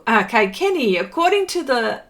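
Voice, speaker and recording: A woman's voice: a little high, big pitch swings, moderate pace, a bit bright. A woman hosting a painting live stream, casually reading viewer comments aloud, tripping over hard words and laughing at herself.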